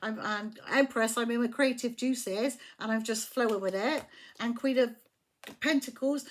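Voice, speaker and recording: A woman giving a casual tarot reading from her flat at home, chatty and emphatic, swearing freely as she talks. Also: fairly high pitch, moderate pace. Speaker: tarot reader.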